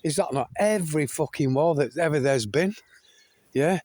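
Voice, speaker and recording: In a dry recording, an older man from the United Kingdom vents to his viewers at a moderate pace, his voice a little high and slightly mellow. The video blogger's rant is full of swearing, repetition and restarts, and he keeps calling his audience folks.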